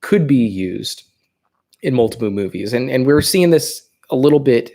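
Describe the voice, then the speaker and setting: A man's voice: medium pitch, lively intonation, normal speed, dark tone. A man with a Californian accent hosting a casual livestream, thinking aloud and rambling with fillers. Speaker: livestream host.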